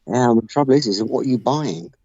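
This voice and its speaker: A man's voice: medium pitch, animated, fast talker, a little mellow, slightly rough, no echo, muffled recording. A man in casual podcast chat, thinking aloud with many fillers and restarts. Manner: thoughtful, hesitant with many fillers.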